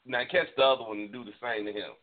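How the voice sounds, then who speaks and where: Middle-aged male radio host who curses in loud rants, thin phone-line audio. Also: medium pitch, steady tone, quick pace. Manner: profane, heated ranting. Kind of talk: casual radio talk.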